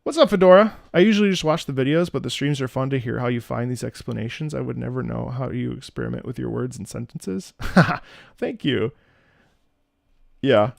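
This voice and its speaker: A man's voice: medium pitch, normal speed, creaky, dry recording, studio quality. A man hosting a casual music commentary stream, scatting melodies between rambling, restarting remarks. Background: faint game music.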